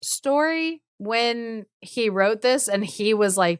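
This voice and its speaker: A woman's voice: a little high, expressive, takes it slowly, smooth, no room sound, clean studio sound. A woman co-hosting a podcast, casually retelling a fairy tale in a chatty, joking way full of fillers. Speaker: podcast co-host.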